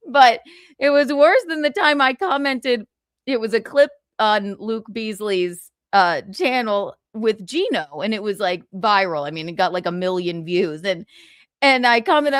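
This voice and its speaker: A young adult woman with a mid-range voice hosts a casual livestream, recorded at studio quality with no room sound. She's tearful and choked up, yet chats, giggles, and swears freely as she reads comments.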